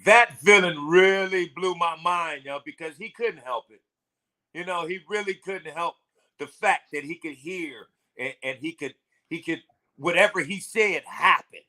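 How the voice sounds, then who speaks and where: A man's voice: a little high, a little slow, pushed and bright. A man co-hosting a casual sports podcast, rambling loosely with many fillers.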